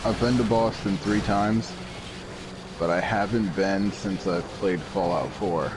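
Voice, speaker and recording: A man's voice: deep voice, unhurried. A man chatting casually while playing a game, rambling and explaining at length. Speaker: gamer. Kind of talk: casual chat while gaming. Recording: noisy game audio behind.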